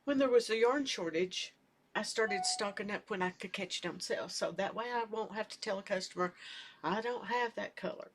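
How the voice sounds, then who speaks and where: An older woman chatting casually at home as a knitting vlogger, rambling and soft-spoken, sometimes trailing off into near-whispers. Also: mid-range voice, a little fast, a little hiss or hum. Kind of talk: casual chat.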